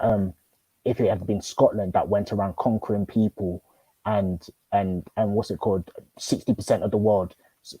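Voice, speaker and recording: A man's voice: on the low side, mellow, breathy edge, dry recording, low-quality recording. A man arguing in a casual debate, probing with questions and stumbling through many restarts. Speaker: host.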